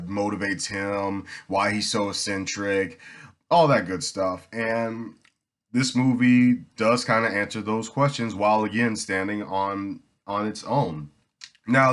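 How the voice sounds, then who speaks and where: A man giving a casual spoken movie review, pausing often with ums and restarting his sentences. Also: lowish voice, fairly bright tone. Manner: halting, many ums and restarts.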